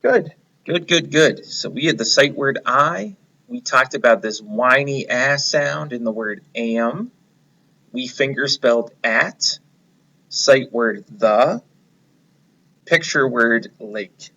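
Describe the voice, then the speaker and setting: A man's voice: medium pitch, pushed and bright, dull audio. A man teaching a reading lesson to young children, encouraging them and leading them step by step. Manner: slow, encouraging, leads the class step by step.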